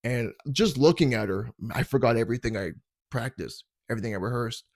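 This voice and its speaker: A man's voice: medium pitch, a little fast, creaky, dry recording. Rambling self-deprecating young man, dry sound. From Canada. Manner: rambling, self-deprecating, stumbling over words. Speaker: comedian podcast host. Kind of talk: casual comedic storytelling. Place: his parents' basement.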